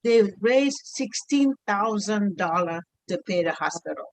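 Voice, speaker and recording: A middle-aged woman, a mother, telling a heartfelt personal story in an earnest, halting way, often restarting her sentences. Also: medium pitch, expressive, rough recording. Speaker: mother sharing a testimony.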